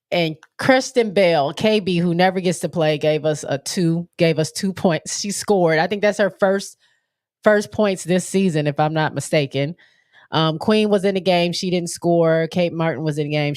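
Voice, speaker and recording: A low-pitched woman hosts a casual sports live stream in a stuffy, nasal voice. She rambles, full of fillers and restarts. The sound is dry and close, with no room echo. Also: normal speed, a little mellow. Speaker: show host.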